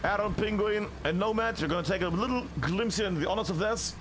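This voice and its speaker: A man casting a tactical shooter match solo, chatty and excitable, shouting on big plays. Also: sits high, fast, noisy background. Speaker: esports caster. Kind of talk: solo play-by-play commentary.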